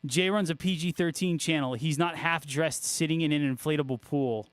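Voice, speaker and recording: A man with a slightly raised speaking pitch chats loosely on a guitar livestream, cracking jokes and swearing freely. The sound is close and dry, with little room around his voice. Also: normal speed, no echo. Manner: laid-back, joking, swears freely and laughs often. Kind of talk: casual livestream chat, reading viewer comments.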